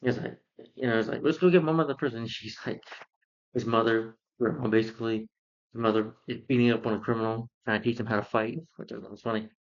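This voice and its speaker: A man's voice: fairly low pitch, level tone, fairly quick, highs cut off. A man casually reviewing a film, rambling through the plot with lots of fillers and restarts. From lives in Georgia, US.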